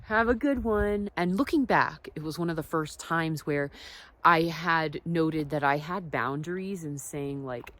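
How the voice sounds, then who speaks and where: A woman telling personal stories in a casual, reflective vlog. She drifts between soft asides and emphatic points. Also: low-pitched, unhurried, no echo. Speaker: wellness vlogger.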